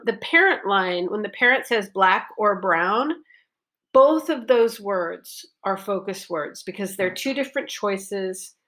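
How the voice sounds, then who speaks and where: Female teacher, slow and deliberate delivery, models stressed words clearly for practice. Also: mid-range voice, a bit bright. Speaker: pronunciation teacher. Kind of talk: recorded online lesson.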